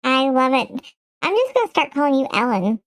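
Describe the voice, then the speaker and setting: A talkative woman streamer with a Michigan accent chats away to her viewers in a loose, rambling way. Her voice sits high and bright. It is recorded close and dry, with no room around it. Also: sing-song, normal speed, no echo. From Michigan, USA. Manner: chatty, rambling, answers chat aloud. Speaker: game streamer host. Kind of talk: casual live-stream chat.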